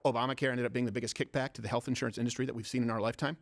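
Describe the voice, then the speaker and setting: A man hosting a political comedy show, ranting sarcastically in rapid-fire rhetorical questions. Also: medium pitch, steady tone. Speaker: host.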